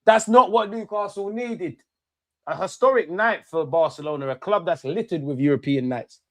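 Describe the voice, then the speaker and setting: A man's voice: high voice, normal speed, fairly bright tone, no room sound, studio quality. A young man, a streamer ranting and mocking rival fans in slang-heavy banter during a live football watch-along. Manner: brash, mocking rants with London slang.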